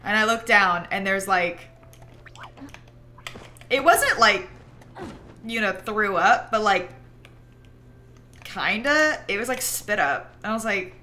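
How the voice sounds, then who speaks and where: A young woman livestreaming, chatting casually while she plays a game, rambling and animated with lots of "like" and quick bursts of laughter. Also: mid-range voice, slight background noise. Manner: chatty and rambling, heavy use of "like"; animated storyteller who breaks into laughter. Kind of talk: casual chat while gaming.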